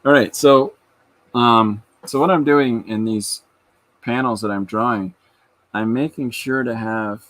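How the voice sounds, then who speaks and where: A man's voice: medium pitch, a little slow, a bit bright, dry recording, poor audio. A man hosting a podcast, chatting casually and rambling through stories while he draws. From Canada. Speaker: podcast host and artist. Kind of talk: casual chat while drawing.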